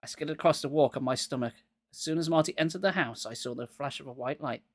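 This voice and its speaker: Man, recovering from a cold, live book reading, sarcastic asides, slightly high voice, dry close sound. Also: fast, no echo. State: getting over a cold, coughing. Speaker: reader.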